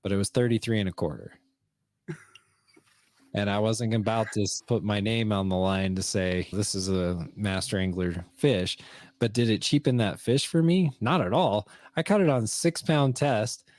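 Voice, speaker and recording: A man's voice: lowish voice, moderate pace, a little mellow. A middle-aged man co-hosting a podcast, telling fishing stories in an easygoing, casual way. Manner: storytelling, easygoing. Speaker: podcast co-host. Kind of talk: casual conversation.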